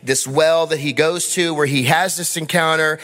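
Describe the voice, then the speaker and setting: A man's voice: on the high side, fairly even intonation, normal speed, a bit bright, in a large hall. A male pastor preaching a sermon in a church sanctuary, emphatic, with rhetorical questions and calls to the congregation.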